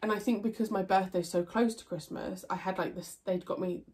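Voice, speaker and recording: A woman's voice: mid-range voice, steady tone, fairly quick, a little mellow. A young woman with a stuffy, nasal voice, chatting casually and answering viewer questions in a rambling way, with many fillers and restarts. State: congested, nasal. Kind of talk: casual Q&A chat.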